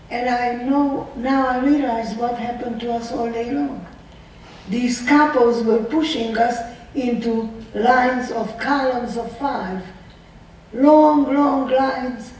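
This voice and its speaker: A survivor in her nineties gives an earnest personal testimony, posing many rhetorical questions as she tells her story. Her voice is fairly high and a little mellow, with slight hiss or hum. It was recorded from a distance in an echoey hall with faint ambience.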